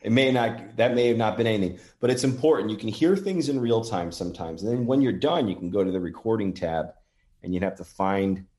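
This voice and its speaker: A man with a fairly low voice talks casually through a demonstration. He sounds earnest and gentle, pausing to thank unseen listeners. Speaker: paranormal app demonstrator.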